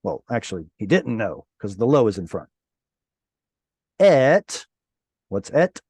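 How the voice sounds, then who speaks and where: A man's voice: mid-range voice, big pitch swings, measured pace, darkish tone, breathy edge, no room sound. A man teaching an online Hebrew class, explaining grammar patiently and playfully, quizzing his students as he goes. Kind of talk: online Bible Hebrew lesson. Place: online class over video call.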